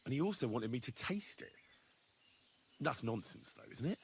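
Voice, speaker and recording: A man's voice: medium pitch, big pitch swings, normal speed, creaky, breathy edge, heavily acted. A man voicing an earnest, polite young blacksmith's son turned knight in a video game. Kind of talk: game character dialogue.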